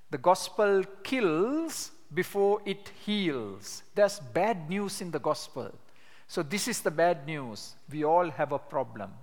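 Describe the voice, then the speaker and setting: An older man teaching a class on sharing the gospel, telling stories with animation and reading scripture slowly with emphasis. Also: a little high. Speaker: evangelism trainer. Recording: long hall reverb.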